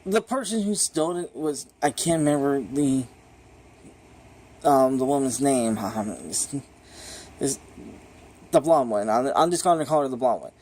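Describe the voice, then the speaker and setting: A man giving a casual, unscripted movie review, rambling and excitable, swearing freely and filling gaps with "you know" and "like". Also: medium pitch, a little slow, long pauses.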